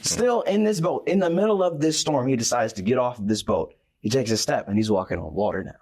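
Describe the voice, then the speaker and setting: Husky man telling a story animatedly. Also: medium pitch, fairly quick. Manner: animated storytelling, acting out the scenes. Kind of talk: casual faith discussion.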